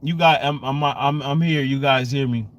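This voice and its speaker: A man hosting a live-streamed sports fan rant, exasperated and repetitive, swinging between loud outbursts and low muttering. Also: steady tone, normal speed. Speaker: sports fan channel host.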